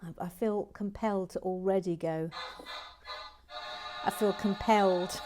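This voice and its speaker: A woman hosting a relaxed building stream, chatting playfully, reading comments aloud and laughing. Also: medium pitch, unhurried, pauses often, soft background music. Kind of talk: casual chat while building.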